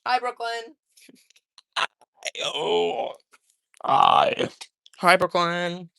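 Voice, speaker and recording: A man's voice: high-pitched, very slow, gravelly, pushed and bright, smooth, no echo. Young guy rambling to his stream chat at home, slangy and loose, dry close sound. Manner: loose, rambling, slangy, calls chat man, dude, bro. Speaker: livestreamer reading chat. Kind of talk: casual livestream chat.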